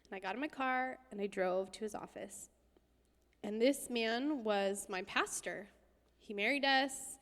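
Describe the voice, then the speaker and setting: Woman preaching, high voice, intense, drops to whispers sometimes, long church hall echo. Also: measured pace. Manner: intense and emphatic, shifting to hushed whispers. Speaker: guest speaker. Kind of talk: sermon storytelling.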